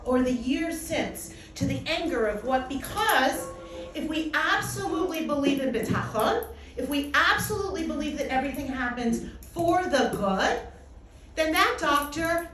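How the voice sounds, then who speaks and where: A middle-aged woman giving a personal testimony talk, telling her story in a lively way and acting out what people said. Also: sits high, a little slow. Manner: animated storytelling with acted-out quotes. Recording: echoey hall, distant mic, faint noise.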